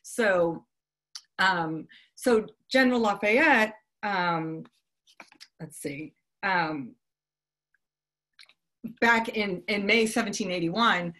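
A woman's voice: medium pitch, drawn-out words, pauses often, fairly bright tone. A woman from Boston giving a live talk to an audience, telling a history story in a conversational way with frequent ums and restarts. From Boston, United States.

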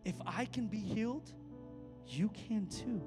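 A man preaching a sermon as a pastor, swinging from hushed tones to shouting. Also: sits high, measured pace. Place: church hall. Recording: echoey hall with faint music.

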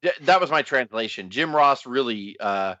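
A man's voice: mid-range voice, animated, normal speed, pushed and bright, no echo, lo-fi sound. A man co-hosting a casual wrestling podcast, profane and laughing, ranting and slipping into mocking voices. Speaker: podcast co-host.

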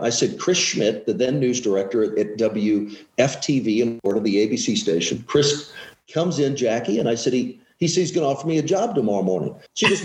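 A man's voice: mid-range voice, lively intonation, a little fast. A man in his fifties, a TV weatherman, telling his career story in a casual interview, self-mocking and acting out the people he quotes. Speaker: guest, TV weatherman. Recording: echoey room.

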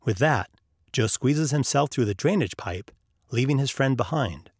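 Gravelly man telling a story. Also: mid-range voice, expressive, moderate pace, no echo, studio quality. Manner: acts out characters' lines in the story. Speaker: podcast host. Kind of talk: podcast storytelling.

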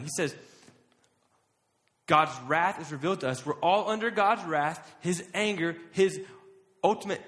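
A young man preaching a casual sermon, talking conversationally and stretching key words slowly for emphasis. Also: on the high side, a bit bright. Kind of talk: casual sermon to a live audience. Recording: long hall reverb.

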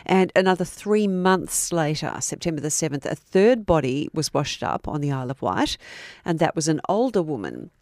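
A woman's voice: sits low, very animated, moderate pace, hardly any pauses, a little mellow, no echo, clean studio sound. A woman, co-hosting a podcast and telling a true crime story in a chatty, teasing way. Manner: chatty, teasing, laughs easily. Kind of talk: casual storytelling chat.

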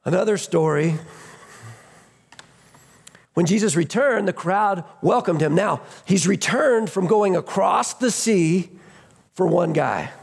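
A pastor delivering a sermon with a slightly high, gravelly voice. He retells the stories with energy, slipping into the voices of the characters and breaking into shouts at the high points. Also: takes it slowly, long pauses. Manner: storytelling, acts out voices in the story; animated, shouts at peaks.

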